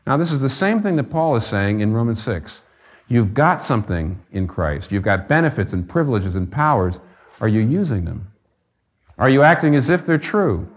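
A man's voice: mid-range voice, very animated, normal speed. A man preaching a sermon, earnest and conversational, rising to fervent emphasis on key points. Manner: conversational with fillers and restarts. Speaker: pastor.

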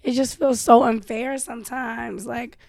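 A woman's voice: fairly high pitch, steady tone, a little slow, vocal fry, darkish tone, no echo, studio quality. A young woman host with a cough, venting candidly and profanely to her listeners in a casual monologue. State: sick with a cough. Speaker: show host.

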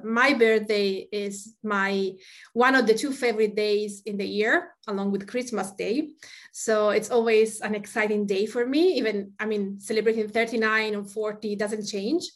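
A woman's voice: medium pitch, fairly bright tone. A woman in her forties from Tuscany with an Italian accent, hosting a podcast and chatting with fillers. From Tuscany, Italy. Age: 40s. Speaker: podcast host. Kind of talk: podcast chat.

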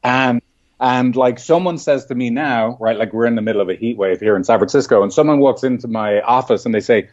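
A man who works as a marriage and family therapist, telling stories in a lively conversational way and often asking "right?". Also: mid-range voice, fairly quick, highs cut off. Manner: animated storytelling with frequent rhetorical "right?". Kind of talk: conversational podcast interview.

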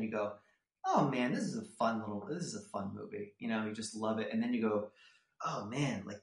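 A man guest on a casual interview, telling stories with lively energy and acting out the people in them. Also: fairly low pitch, echoey room. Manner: animated storyteller who acts out people in his anecdotes. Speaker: author and screenwriter guest.

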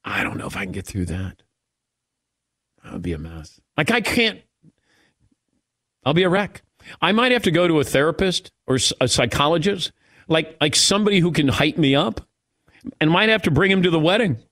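A man's voice: a little high, sing-song, normal speed, pauses often, a bit bright. A middle-aged man hosting a sports talk radio show, chatting casually in a reflective, self-mocking way.

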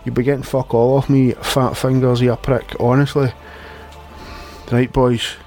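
A man's voice: medium pitch, level tone, unhurried, a little mellow, faint music behind. A young Glaswegian man playing a pirate radio DJ, ranting in a sweary, exasperated way. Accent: Glasgow Scottish. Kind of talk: scripted comedy radio show.

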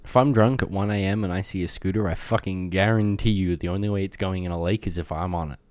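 A man with a very low voice co-hosting a podcast, blunt and wry and swearing freely. The recording is close and dry, with no room sound. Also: fairly even intonation, quick pace, no echo. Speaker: podcast co-host. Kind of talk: casual banter.

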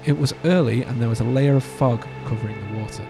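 A man's voice: mid-range voice, quick pace, vocal fry, over music. A man hosting a podcast, reading a spooky story aloud with joking asides. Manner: animated, joking asides between narration. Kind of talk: casual storytelling read-aloud.

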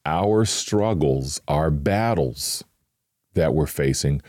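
Brief: earnest man teaching scripture casually, mellow and very low, dry close sound. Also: lively intonation, takes it slowly, no echo. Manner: earnest, conversational, with emphatic asides; acts out worried inner voices. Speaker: Christian podcast host. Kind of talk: informal devotional teaching.

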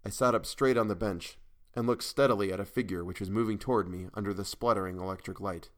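A male narrator reading a weird tale in the first person. His voice sits low, and he tells the story with dramatic weight. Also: fairly quick. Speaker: audiobook narrator.

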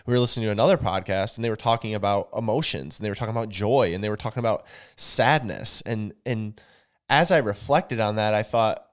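A podcast co-host speaks in a fairly low voice at a brisk clip during casual talk. He's earnest and emphatic, repeating words to drive his point home.

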